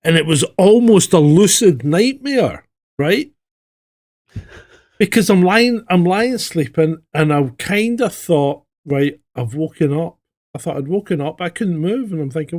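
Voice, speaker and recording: A man's voice: a little high, measured pace. A man co-hosting a casual podcast, swearing freely and telling stories with animation. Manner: profane, animated storyteller. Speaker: podcast co-host.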